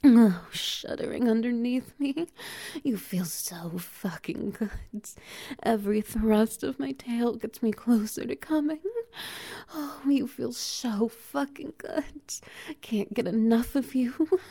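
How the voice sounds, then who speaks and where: A woman voicing a dominant, teasing cat-like creature with a tail, in a slow, breathy whispered role-play with frequent soft laughs. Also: fairly high pitch, heavily acted.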